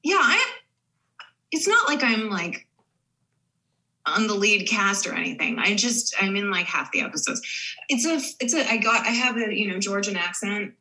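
A woman's voice: medium pitch, moderate pace, sharp tone, poor audio. A woman in her forties, an actress guest on a podcast, talking casually with many fillers and restarts.

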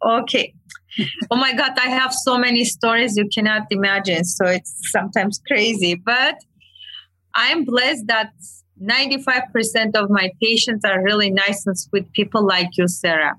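A woman from Armenia with an Armenian accent, a clinic owner telling lively stories in casual, broken English during an interview. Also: mid-range voice, normal speed, no echo, rough recording. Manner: animated storyteller, broken English, laughs often. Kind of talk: conversational interview.

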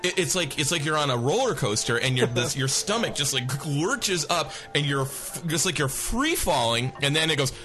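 A man tells a rambling, comic story among friends, full of "you know" and "like". His pitch swings all over as he acts the story out. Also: expressive, normal speed, hardly any pauses, bright, forceful tone, faint music behind. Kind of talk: casual comedic storytelling.

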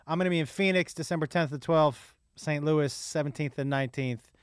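A man's voice: fairly high pitch, fairly quick, clear, resonant tone, no echo, clean studio sound. A man who is a comedian guest on a podcast, telling stories in casual chat and swearing freely. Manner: animated storyteller, swears freely.

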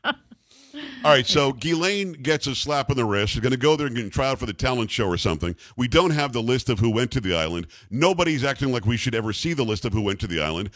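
A man's voice: mid-range voice, expressive, quick pace, few pauses, fairly bright tone, dry recording, studio quality. Indignant male talk radio host. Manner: indignant, emphatic, repeats the call-in number.

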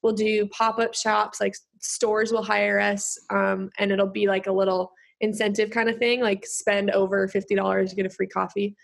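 A woman's voice: mid-range voice, level tone, normal speed, gravelly, few pauses. A young woman in her late teens, a guest on a podcast, chatting in a bubbly way with many fillers. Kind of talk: casual interview chat.

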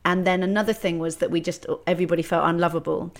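A woman's voice: lowish voice, steady tone, quick pace. A middle-aged woman, talking candidly and reflectively on a podcast, often restarting her sentences. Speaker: podcast host. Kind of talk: casual conversation.

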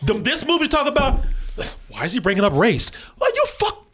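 An animated man hosting a casual movie discussion, his high voice swinging widely in pitch. He laughs a lot and swears freely, getting heated as he talks. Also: fairly quick, breathy edge. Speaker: movie review show host. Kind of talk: casual movie commentary chat.

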